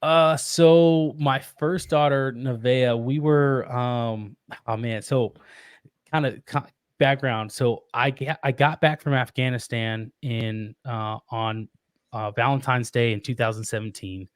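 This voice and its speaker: A man in his thirties telling a personal story in casual conversation, animated and laughing often. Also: medium pitch, slow pace, smooth, no room sound, studio quality. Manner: animated, laughs often, acts out quoted voices. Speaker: podcast guest.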